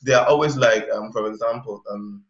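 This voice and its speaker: A man from Cameroon, a guest in a casual interview, talking in an animated way with many fillers and restarts. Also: lowish voice, brisk. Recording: roomy, dull lo-fi sound.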